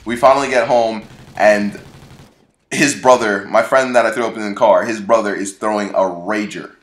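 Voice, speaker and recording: A man's voice: lowish voice, steady tone, moderate pace. A young man from Florida telling a story in a casual, rambling, slangy way, full of restarts. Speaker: vlogger. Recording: echoey room.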